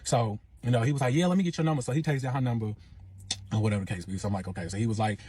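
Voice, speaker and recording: A man's voice: medium pitch, rapid-fire, a little hiss or hum. A young man, casually telling a personal story, acting out the other people's lines and swearing a lot. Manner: animated, acts out quoted voices, slangy, swears a lot. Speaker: storytime podcast host.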